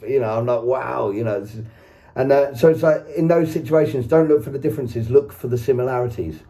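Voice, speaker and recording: A man's voice: mid-range voice, brisk, warm tone. Earnest man in a rambling video diary. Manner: rambling and earnest, with many fillers and restarts. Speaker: recovery vlogger. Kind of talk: casual spoken vlog.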